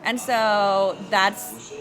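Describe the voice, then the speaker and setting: A woman's voice: mid-range voice, very slow, creaky, crowd noise. A woman who sells luxury homes, chatting in an interview and acting out quotes as she tells stories. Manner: animated storyteller, acts out quotes. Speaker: luxury real estate agent. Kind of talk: casual interview chat.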